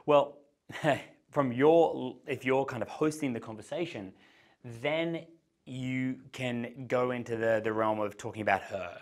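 Man coaching in a lively explanatory voice. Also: unhurried. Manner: explanatory, shifts pace and pitch to act out examples. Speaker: dating coach. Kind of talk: instructional talk to camera.

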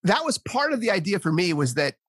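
A man's voice: high-pitched, sing-song, fairly quick, fairly bright tone, dry recording. A man hosting a podcast in casual chat, telling stories with animation and laughing often. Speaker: podcast host.

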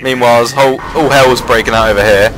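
This man offers quick-paced, excitable commentary on a replay of his own online match, swearing casually and lifting his pitch at the standout plays. Background noise can be heard.

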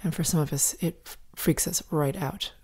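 A woman guiding a meditation in a soft, slow, often whispered voice. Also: sits low, husky. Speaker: meditation guide. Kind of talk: guided meditation.

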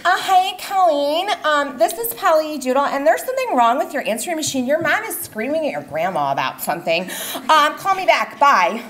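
A woman's voice: high voice, sing-song, normal speed, a bit bright. A woman voicing a young girl who hesitantly leaves an answering-machine message. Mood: awkward. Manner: hesitant, filler-laden.

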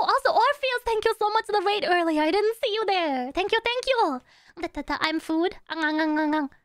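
A woman's voice: very high-pitched, bright, forceful tone, no echo, clean studio sound. A woman live-streaming in casual chat, greeting and thanking viewers one by one and humming little nonsense syllables between sentences.

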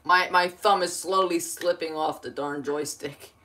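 Teasing gamer woman, bright voice, slow talk. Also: on the low side, steady tone. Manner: teasing, swears, laughs often, sudden shouting. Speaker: gamer playing with a friend. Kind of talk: casual gaming banter.

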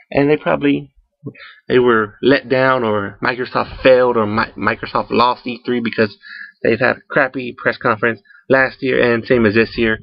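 A man's voice: medium pitch, creaky, no room sound. A man giving rambling solo commentary, recorded on a home sound recorder, with many fillers and restarts. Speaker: YouTuber. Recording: muffled dry home recording.

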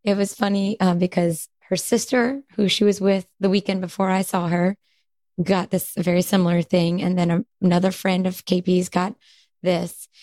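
A woman co-hosting a podcast in casual chat, her voice hoarse, raspy and squeaky from a cold, chatty and quick to laugh. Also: level tone, a little mellow, no echo. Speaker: podcast co-host.

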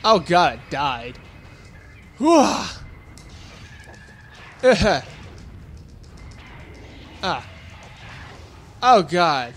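A young man with a high, lively voice, talking through a video game in a relaxed, unhurried way. He jokes at his enemies and lets out grunts and yelps whenever he takes a hit. Faint game music plays behind him. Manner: goofy, grunting and yelping at hits; jokey self-talk to the enemies. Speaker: let's play gamer. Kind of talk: casual gameplay commentary.

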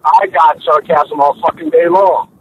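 A man's voice: a little high, fairly even intonation, a little slow, lo-fi sound, a crowd in the background. A man who owns a business, angrily berating a prank caller on the phone and swearing constantly. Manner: angry, profane, berating. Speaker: business owner taking a call. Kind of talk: heated phone argument.

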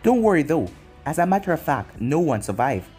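Man putting on a gloating young ninja villain, raised husky voice, swings up and down, mocking taunts, faint music under. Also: fairly high pitch, big pitch swings, brisk, darkish tone. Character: cruel smug young male ninja hero gone dark.

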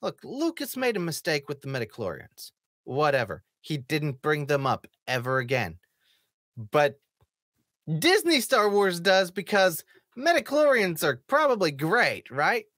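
A reviewer talks through an episode in a casual vlog style, sarcastic and mocking, with the odd swear word. The voice sits in a middle pitch. The sound is dry, with no room echo. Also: wildly swooping pitch, a little slow, fairly bright tone.

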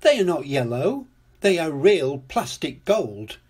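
Little piglet girl, boastful and whiny, high and bouncy, as a grandad reader puts her on. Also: big pitch swings, unhurried, breathy edge, exaggerated voice. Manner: boastful, whiny childlike pitch. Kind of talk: storybook read-aloud.

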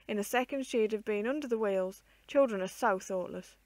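A woman's voice: mid-range voice, normal speed, darkish tone, no room sound, natural voice. A woman reading aloud, voicing a judgmental woman in a street crowd who tuts at careless children, in a dry room. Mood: disapproving. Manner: tutting, judgmental.

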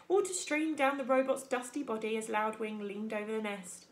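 A woman teacher reading a children's book aloud in an expressive storytelling manner. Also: fairly high pitch, moderate pace. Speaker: primary school teacher.

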